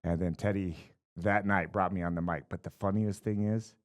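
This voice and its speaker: A man, a fight coach being interviewed, telling stories in a casual, animated way and acting out what others said. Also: low-pitched, moderate pace. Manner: animated storyteller acting out quotes with fillers. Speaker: boxing and MMA coach, guest.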